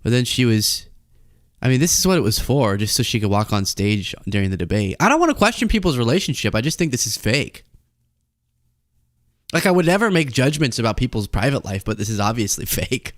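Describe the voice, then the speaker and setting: A man's voice: medium pitch, very animated, brisk, fairly bright tone, dry recording, clean studio sound. A young adult man hosting a casual political commentary show, rambling and improvising a comic story. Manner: rambling, improvising a comedy bit. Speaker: host.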